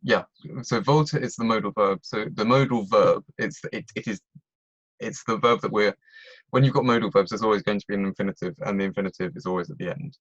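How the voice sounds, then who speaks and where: Male tutor, low voice, patient explainer, dry dull call audio. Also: a little fast, no room sound. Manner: patient, explains step by step with frequent checks. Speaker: German tutor. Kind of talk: online tutoring lesson.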